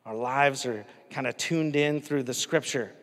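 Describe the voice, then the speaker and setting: A man's voice: medium pitch, a little slow, in a large hall. A male pastor preaching a sermon in a casual, conversational way, often asking the congregation questions.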